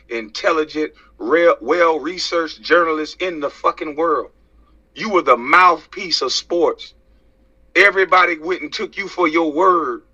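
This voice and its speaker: Fairly high in pitch, husky, and pushed bright, the voice comes from an American man who comments on social media. To camera, he preaches through an angry, profane rant loaded with rhetorical questions. The recording sounds dull and lo-fi.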